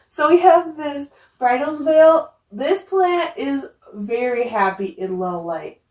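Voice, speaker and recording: A woman's voice: high voice, slow, darkish tone. A woman chatting enthusiastically about her houseplants, gushing and often repeating her words, with a slight regional accent that slips in now and then. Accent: some regional accent that slips in. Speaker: houseplant vlogger. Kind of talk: casual chat. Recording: roomy echo, distant from the mic.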